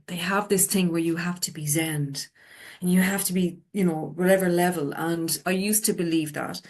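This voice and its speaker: A woman medium on a podcast panel, talking candidly and with amusement about her practice. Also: lowish voice. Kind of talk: casual chat.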